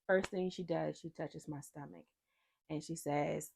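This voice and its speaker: A woman vlogger telling a personal story in casual talk, animated, acting out what other people said to her. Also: low-pitched, unhurried, vocal fry, breathy edge. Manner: animated, acts out quoted people in dialogue.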